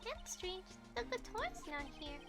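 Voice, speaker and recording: A tiny, very high little girl. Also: big pitch swings, unhurried, exaggerated voice. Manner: polite, innocent, calls him Mister Nick. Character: shy sweet little girl sidekick. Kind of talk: reading a video game script aloud. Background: game music.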